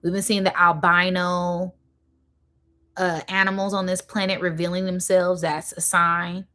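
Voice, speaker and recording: Casual woman host, somewhat low, channeling spirit messages live, rambling and drawn out. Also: flat delivery, bright, forceful tone. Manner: rambling, full of fillers, slowing down to stress points; addresses viewers directly and casually.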